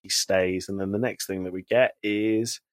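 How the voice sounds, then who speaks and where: A man's voice: sits low, fairly even intonation, moderate pace, dry recording. A man co-hosting a podcast in casual chat, animatedly retelling TV scenes and quoting characters. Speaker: podcast co-host.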